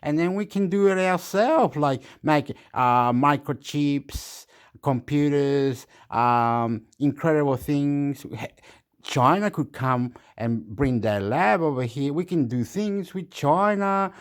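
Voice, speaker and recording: A man ranting at length, swinging between muttering and shouting and swearing a lot. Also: fairly high pitch, slow pace, clean tone. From Australia. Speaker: vlogger reacting to clips. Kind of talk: rambling rant.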